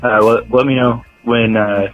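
A man leaving a rambling voicemail that is full of "like" and "uh", pitching an idea. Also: steady tone, measured pace, no room sound, phone-quality sound, soft background music. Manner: rambling, filler-heavy, says "like" a lot. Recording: husky phone voicemail.

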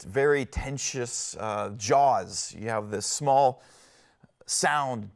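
A pastor giving a televised sermon in an earnest, conversational way, often pausing with fillers and restarting his phrases. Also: mid-range voice. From Northwest Ohio.

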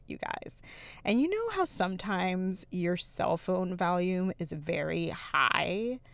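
A young woman with a lowish, gravelly voice that swoops up and down as she chats away to her viewers. She laughs often and tells her stories in a loose, friendly way. The sound is close and dry. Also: no echo. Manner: chatty storyteller, laughs often, addresses viewers. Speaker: planner vlogger. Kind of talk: casual chat to viewers.

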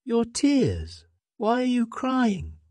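A man voicing a big male lion who is proud, stern and quick to threaten, in a storybook tale for learners. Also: medium pitch, sing-song, dry recording, voice pushed up. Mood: questioning.

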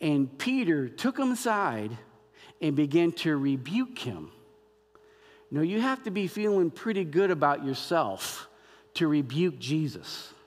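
A man preaching a sermon as pastor, animated and acting out biblical dialogue in quoted voices. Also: fairly high pitch, unhurried. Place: church sanctuary. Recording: long hall reverb.

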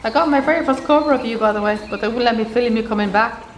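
A woman's voice: fairly high pitch, fast talker, low-quality recording. A woman chats while filming at a horse stud, repeating herself and cooing to the horses. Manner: chatty, repeats herself, coos and talks to the horses. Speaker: horse enthusiast vlogger. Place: outdoors at stud stables. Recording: outdoor camera audio with clear background noise. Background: outdoor ambience with horses and birds.

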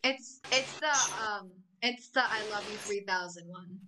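A woman's voice: mid-range voice, a little slow, noisy background. A woman chatting casually in a creator Q&A, playful and giggly, often teasing. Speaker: co-host of a creator Q&A. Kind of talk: casual chat.

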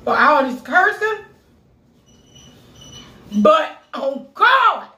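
A woman vlogger in a casual video who talks in pain from a burning mouth, with loud exclamations and heavy cursing. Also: sits high, very animated, drawn-out words. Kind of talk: casual vlog talk. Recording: echoey room, mic at a distance.

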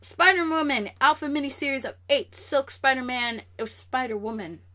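A young woman vlogger chatting casually and sassily about comic news, animated and straight to the camera. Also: sits high, normal speed.

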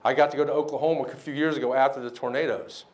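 A man giving a motivational banquet speech, telling his story with lively acted-out quotes. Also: mid-range voice, racing. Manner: animated storyteller, acts out quoted voices. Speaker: keynote speaker. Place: banquet hall.

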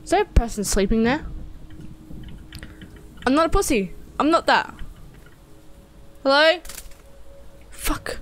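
A woman's voice: high voice, animated, takes it slowly, pauses often, a bit bright, a little hiss or hum. A woman giving horror game let's-play commentary, talking to herself in a jumpy way and swearing often. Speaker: gaming streamer.

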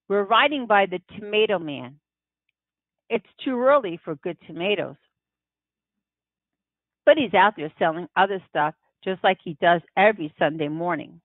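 Slow, expressive woman reading aloud. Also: medium pitch, dry recording. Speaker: audiobook reader. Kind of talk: reading a children's novel in first person. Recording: tinny phone-like dry sound.

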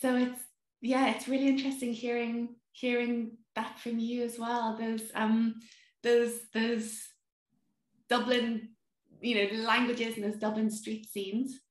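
Brief: woman interviewer, higher voice, admiring and chatty, echoey room. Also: level tone, slow. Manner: warm, admiring, with many fillers. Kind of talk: literary interview. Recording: roomy echo.

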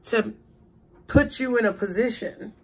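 Tarot reader, woman; slow, measured delivery, repeating spiritual phrases. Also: on the high side, husky. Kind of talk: tarot reading for viewers.

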